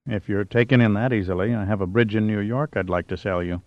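A cool, unflappable adventurer with a low, dry delivery, voiced by a male narrator. He sounds quietly wry and understated. The recording is dull and dry. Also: fairly even intonation, fast talker, no echo, natural voice.

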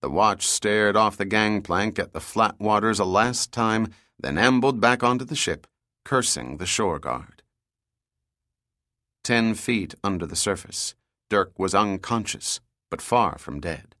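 Low-voiced male audiobook narrator. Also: a little slow, pushed and bright, no echo, clean studio sound.

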